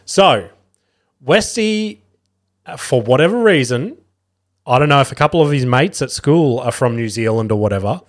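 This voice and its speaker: A man's voice: mid-range voice, animated, normal speed. Rambling, foul-mouthed Australian man. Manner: rambling and swears a lot. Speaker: podcast host. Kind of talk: casual solo podcast monologue.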